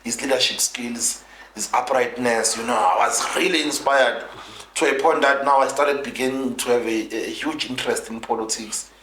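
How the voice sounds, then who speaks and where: In an echoey room, a South African politician is interviewed about his life and answers earnestly, rambling and restarting often. He is a man with a mid-range, slightly bright voice at a moderate pace, with slight background noise.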